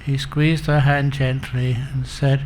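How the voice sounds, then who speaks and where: A man's voice: mid-range voice, level tone, unhurried, darkish tone, slight background noise. A man giving a humorous Buddhist dharma talk as a monk teacher, telling stories and acting out the characters. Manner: humorous, self-mocking.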